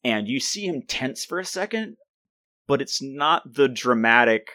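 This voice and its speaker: A man's voice: medium pitch, lively intonation, bright, forceful tone, dry recording. A man running a tabletop role-playing game as game master, narrating the action with frequent restarts. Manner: halting, restarts often while describing.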